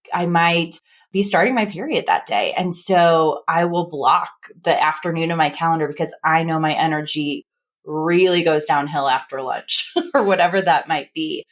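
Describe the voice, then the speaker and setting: A woman with an American Midwest accent hosting a podcast interview in a casual, animated way. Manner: animated, acts out quoted lines in a higher voice. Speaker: podcast host.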